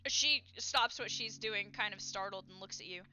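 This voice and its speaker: A woman's voice: mid-range voice, normal speed, sharp tone, highs cut off. A woman narrating a tabletop game as game master in a casual, chatty way. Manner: casual, chatty, many fillers, laughs often.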